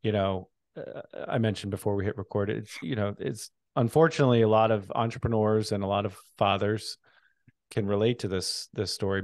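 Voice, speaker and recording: A man's voice: on the low side, darkish tone, no echo, clean studio sound. A man hosting a podcast, giving brief affirmations and reflective comments. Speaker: podcast host. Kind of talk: interview.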